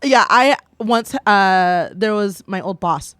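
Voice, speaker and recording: A woman co-hosting a podcast in casual chat, expressive and quick to laugh. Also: medium pitch, clear, resonant tone, no room sound. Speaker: podcast co-host.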